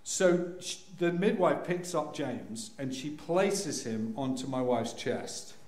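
A man telling a humorous personal story to an audience, acting out scenes with sudden loud cries. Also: mid-range voice, expressive, takes it slowly. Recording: echoey room.

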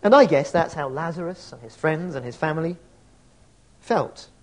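Guy preaching a sermon, fairly high voice, thoughtful, asks lots of rhetorical questions. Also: lively intonation, moderate pace. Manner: reads scripture and poetry aloud.

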